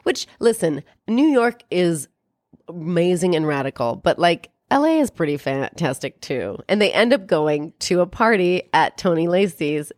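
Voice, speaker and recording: A young woman casually recapping a film, chatting fast and acting out the characters' lines in quick bits. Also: on the low side, big pitch swings, a little mellow, no echo, clean studio sound. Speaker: podcast co-host.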